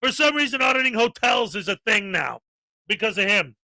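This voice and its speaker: A man's voice: high-pitched, sing-song, fairly quick, bright, forceful tone, no echo, rough recording. A man co-hosting a casual live-stream chat, ranting and reeling off long lists of names.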